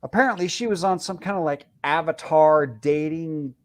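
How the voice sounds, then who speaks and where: Caller, male, fired-up and foul-mouthed, a bit high-pitched, over a voice call. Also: moderate pace. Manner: profane, heated storytelling. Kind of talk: casual call-in storytelling.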